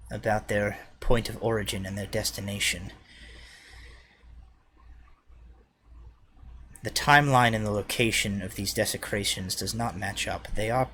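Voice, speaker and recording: A man voicing a stern female wood elf ranger leader, speaking in a measured, formal, quiet way. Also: fairly low pitch, fairly even intonation, slight background noise. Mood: grave.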